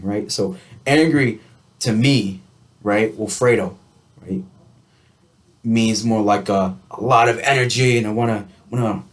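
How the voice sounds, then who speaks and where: A man talking casually to camera in a vlog, rambling through his thoughts on coping with stress, full of restarts and "you know.". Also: lowish voice. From United States. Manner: reflective, laughs lightly now and then. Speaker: vlogger. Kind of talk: casual rambling self-help talk.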